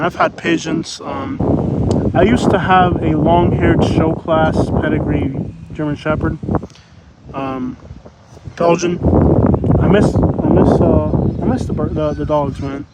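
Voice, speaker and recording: A man's voice: fairly high pitch, unhurried. A man hosting a casual livestream outdoors on a beach, rambling and repeating himself as he reads out comments. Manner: rambling, repeats phrases, laughs often. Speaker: livestream host. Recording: outdoor noise, passing vehicles.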